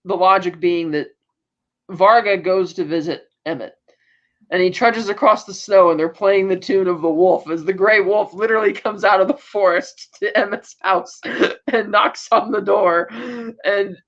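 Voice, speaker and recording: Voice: medium pitch, steady tone, normal speed, a bit bright, muffled recording. A podcast co-host in a casual, rambling recap of a TV episode, acting out the characters' lines in quoted voices. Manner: rambling with frequent fillers and self-corrections.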